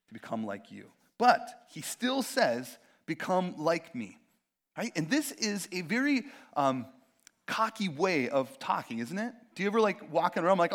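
A young man preaching a sermon in a casual, conversational way, full of fillers and acted-out quotes. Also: fairly high pitch. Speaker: pastor.

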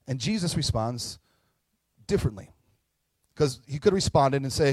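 A man's voice: on the high side, sing-song, a little fast, a little mellow, dry recording. A man in his forties giving a casual, conversational sermon as a pastor, acting out quotes and adding frequent asides. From Minnesota.

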